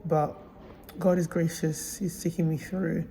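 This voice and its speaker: A woman's voice: deep voice, level tone, a little slow, warm tone, slight background noise, rough recording. A woman recovering from surgery, telling a hospital story with indignant emphasis in a casual vlog. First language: Italian. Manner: indignant, emphatic retelling with quoted dialogue. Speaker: vlogger. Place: hospital room.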